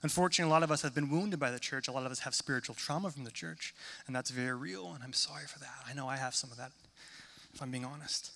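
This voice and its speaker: A man preaching a sermon in a church hall, conversational and self-deprecating, turning animated when he tells stories. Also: mid-range voice, fast, gravelly. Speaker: pastor. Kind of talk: sermon with humorous storytelling. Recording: long reverb of a large hall.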